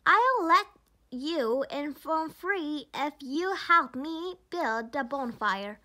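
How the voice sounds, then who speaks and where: A woman's voice: sits high, expressive, slow pace, sharp tone, heavily acted. A woman with a Korean accent voicing a stern older male farmer in a storybook read-aloud, with firm, scolding lines. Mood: friendly.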